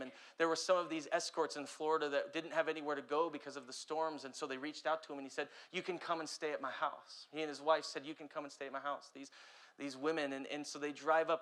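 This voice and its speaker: A young man delivers a sermon as a pastor, his voice bright and forward. He preaches with passion, surging loud on urgent points and dropping low and hushed on others. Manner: impassioned preaching with big swings between loud and quiet.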